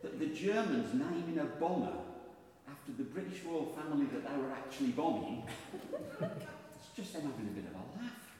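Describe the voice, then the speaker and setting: A chatty man with a Birmingham accent telling stand-up comedy, his pitch swinging lively through self-mocking asides. He sounds far from the mic, and a long echo fills the hall. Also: moderate pace. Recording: echoey hall, distant mic, faint noise.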